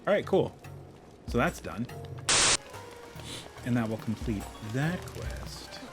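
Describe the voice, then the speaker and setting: A man's voice: mid-range voice, big pitch swings, slow pace, loud music behind the voice. Playful man chatting over gameplay. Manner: playful, chatty, talks to his cat. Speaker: game streamer. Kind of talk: casual gameplay commentary.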